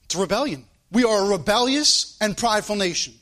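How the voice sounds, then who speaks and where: High-voiced preacher delivering an emphatic sermon. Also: male voice, animated, fairly quick, fairly bright tone. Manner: emphatic, rhetorical questions, repeats phrases.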